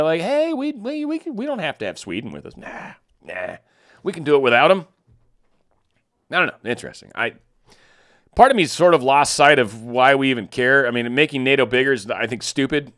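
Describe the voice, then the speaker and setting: A man's voice: medium pitch, no room sound, clean studio sound. Sardonic man riffing on the news. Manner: sarcastic asides, stumbles over foreign names. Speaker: political commentary host. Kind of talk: casual news commentary.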